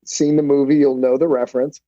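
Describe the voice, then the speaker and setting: A middle-aged man, a guest on a podcast, telling stories in a blunt, profane, animated way. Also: mid-range voice, a little fast, no room sound. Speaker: podcast guest, black belt instructor. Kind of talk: casual storytelling interview. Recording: dull, dry podcast audio.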